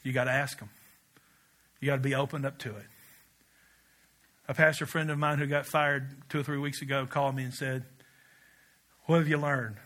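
A middle-aged male pastor from Kentucky, preaching a sermon with animated storytelling. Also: mid-range voice, normal speed, long pauses. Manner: animated storytelling with laughs and shouted quotes.

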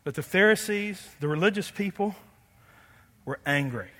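High, bright pastor preaching in a hall. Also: male voice, moderate pace. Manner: animated, playful, quizzes the congregation. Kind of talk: sermon. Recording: long hall reverb.

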